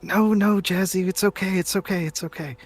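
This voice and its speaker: A man voicing a gentle, fussy male healer who stammers reassurances to a scared friend. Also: a little high, moderate pace, over loud music, lightly acted. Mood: soothing.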